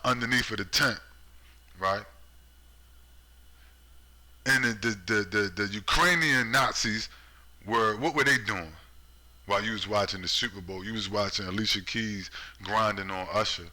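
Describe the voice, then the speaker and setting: A man with a lowish voice and a very sharp, tense edge, ranting in vlog-style commentary. He is sarcastic and profane and keeps firing rhetorical questions at the listener. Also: poor audio. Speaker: political commentator.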